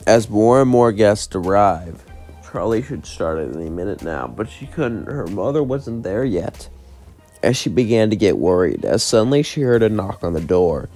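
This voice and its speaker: Rambling low-voiced male storyteller. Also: lively intonation, moderate pace, dark tone, faint music behind. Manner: rambling, strings clauses with "as then", lightly voices each character. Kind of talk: casual fan-fiction narration with voiced quotes.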